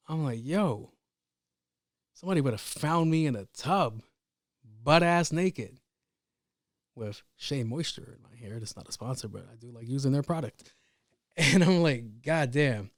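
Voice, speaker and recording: A man hosting a casual solo podcast, telling a story about his day in a profane, rambling, animated way. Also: medium pitch, a little slow, long pauses, no echo, clean studio sound. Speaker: podcast host.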